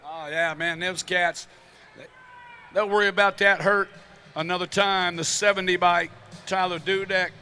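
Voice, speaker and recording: High, flat-toned excited male race commentator. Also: unhurried, pauses often, slight background noise. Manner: chatty, excited color commentary with slang. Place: outdoor BMX track.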